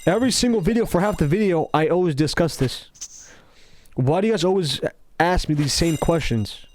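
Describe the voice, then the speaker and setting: A man giving casual, rambling commentary over gameplay, talking slowly with a laid-back, self-interrupting, somewhat mumbled delivery. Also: a little high, expressive, darkish tone, a little hiss or hum. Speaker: gaming commentator.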